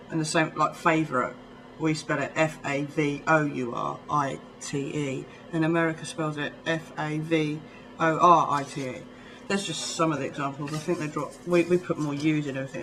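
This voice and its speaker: A man from near London speaks to his camera with a southern English accent. His voice sits a bit high and sounds bright and forceful. He rambles and chats freely, dropping plenty of ums along the way. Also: low-quality recording. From England, near London. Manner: rambling, chatty, full of ums and little laughs. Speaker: vlogger. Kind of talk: casual chat to camera.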